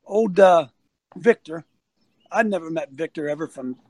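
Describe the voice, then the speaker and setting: Coach, a ministry leader, preaches over a phone livestream with animated, folksy storytelling that rallies listeners toward service. His slightly high voice moves at a normal pace; there's no echo, though the audio is poor.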